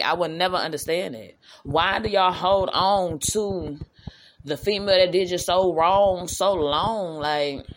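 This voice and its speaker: Blunt profane woman ranting. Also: on the low side. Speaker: host. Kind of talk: casual rant to camera.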